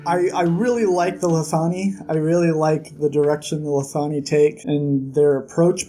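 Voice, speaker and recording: A vlog host giving a casual, animated recap of a novel section, with opinionated, irritated asides. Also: medium pitch. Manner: animated, chatty retelling of scenes.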